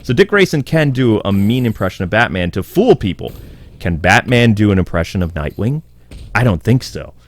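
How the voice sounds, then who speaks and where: A man with a voice on the low side hosts a casual comic book commentary video. He's animated and sarcastic and sounds exasperated as he riffs, jumping into quick character voices.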